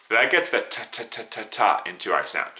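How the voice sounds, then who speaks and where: A man's voice: lowish voice, big pitch swings, fairly quick, sharp tone, faint music behind. A man teaching a beginner flute lesson, patiently coaching students, counting them in and singing note names and tonguing syllables.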